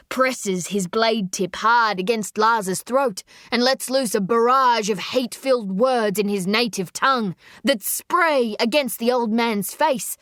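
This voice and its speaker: A woman narrating a story in a measured, expressive audiobook reading. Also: medium pitch, dry recording, clean studio sound.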